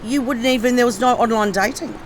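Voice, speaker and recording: A middle-aged woman guest, hoarse and husky from laryngitis, chatting casually with lots of ums and restarts. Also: on the high side, quick pace, a little hiss or hum, rough recording. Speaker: comedian guest. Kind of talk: casual chat.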